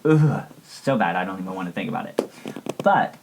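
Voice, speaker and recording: A woman's voice: rumbling low, lively intonation, brisk, gravelly, a little mellow, husky, heavily acted, rough recording. A woman playing a ditzy valley-girl teen student who rambles bubbly through a comedic history report, full of "like". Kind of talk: comedic sketch lesson.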